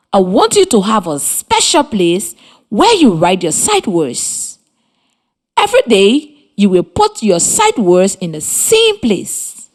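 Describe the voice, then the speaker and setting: Her voice is mid-range and slightly mellow. She's a radio teacher from Liberia leading a reading lesson, speaking at an unhurried, clear pace and encouraging the kids with questions.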